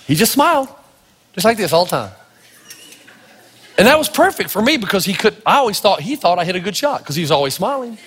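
A man preaching a sermon in a large echoing hall, his high voice leaping up and down as he tells stories. He acts out the people in them and shouts the big moments. He is a pastor from Tennessee. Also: a little hiss or hum. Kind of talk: sermon with storytelling.

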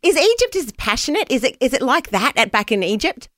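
A woman's voice: high voice, very animated, a little fast, fairly bright tone, no echo, studio quality. A woman co-hosting a live show, chatting in a bubbly, casual way. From half New Zealand. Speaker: co-host.

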